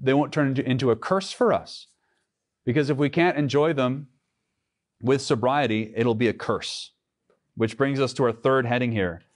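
A man, the pastor, preaching an earnest sermon in church, often restarting his phrases and reading scripture aloud. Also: medium pitch.

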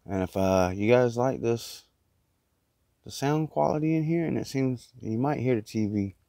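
A man's voice: medium pitch, lively intonation, moderate pace, gravelly, dark tone, no room sound, studio quality. A man vlogging casually from inside a small closet, rambling in a loose, chatty way while he eats. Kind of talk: casual mukbang chat.

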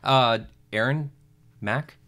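A man's voice: medium pitch, slow pace, pushed and bright. A man hosting a podcast, chatting in a friendly, rambling way and often correcting himself. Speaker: podcast host. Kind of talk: casual interview chat.

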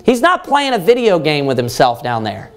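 Man preaching, pastor, lively pitch swings, reads scripture slowly, explains it plainly, builds up to stress points. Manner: reads verses slowly then explains them in plain words; rises in pitch and force when stressing points. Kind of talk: sermon Bible study.

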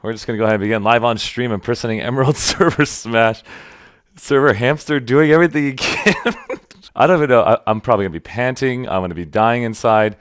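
A young man streaming himself through a workout, joking with viewers, loud and animated, getting out of breath. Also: mid-range voice, fast, clear, resonant tone, no room sound, clean studio sound. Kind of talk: casual comedic workout stream.

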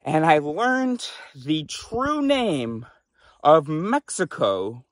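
A man's voice: a little high, big pitch swings, extremely slow, no room sound. A man from the Chicago area doing a stand-up monologue, ranting in mock outrage and tripping over comic restarts. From Chicago area, United States. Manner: exasperated rant with mock outrage; stammering restarts for comic effect. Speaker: comedian.

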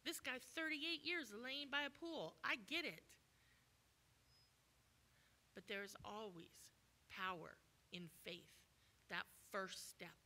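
A woman preaching a sermon as a guest speaker at a church, animated and acting out the voices of people in the story. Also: fairly high pitch, unhurried, a little hiss or hum. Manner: animated, acts out voices in quoted dialogue.

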